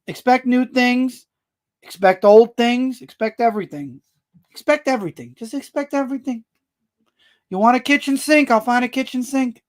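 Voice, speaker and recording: A man hosting his own live stream, talking loudly and joking as he answers viewers' comments. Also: sits high. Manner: loud, animated, jokey, answers chat comments aloud. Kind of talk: casual live-stream chat.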